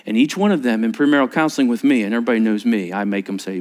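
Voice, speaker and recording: A man preaching a sermon as a pastor, telling stories with animated delivery and acting out little voices. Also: on the low side, rapid-fire. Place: church sanctuary.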